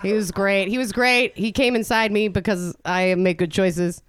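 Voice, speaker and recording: A woman's voice: mid-range voice, fairly even intonation, moderate pace. A woman doing a brash, crude stand-up set on a club stage, working the crowd with a handheld mic while the audience laughs. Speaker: stand-up comedian. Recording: live club recording with crowd noise.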